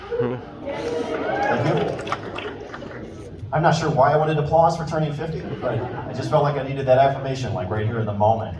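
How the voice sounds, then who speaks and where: Speaking at normal speed with frequent pauses, a mid-range-voiced man in his fifties opens a comedy show on a hall stage, telling self-deprecating stories and acting out quoted voices. Crowd noise makes the background noisy: audience laughter and room ambience fill the echoey hall, and the mic is heard from a distance.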